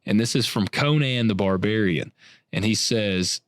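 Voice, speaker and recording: A man co-hosting a podcast, telling stories in a relaxed, rambling way with drawn-out fillers. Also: fairly low pitch, no echo, clean studio sound. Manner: laid-back, storytelling, drawn-out fillers. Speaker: podcast co-host. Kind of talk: casual chat.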